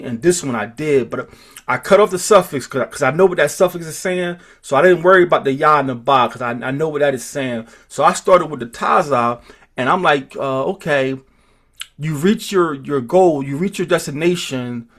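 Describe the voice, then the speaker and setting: Halting man teaching a class. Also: fairly high pitch, fairly bright tone. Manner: halting, repeats words, thinking aloud. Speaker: teacher of a Hebrew roots class. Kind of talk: informal group lesson.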